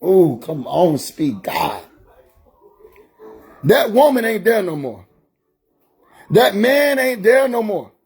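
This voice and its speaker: Gravelly high-voiced man preaching on a live stream. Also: very animated, slow pace, pauses often. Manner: emphatic and repetitive, preacher-like, with shouted peaks. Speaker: motivational speaker on a live stream. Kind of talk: preachy motivational live talk.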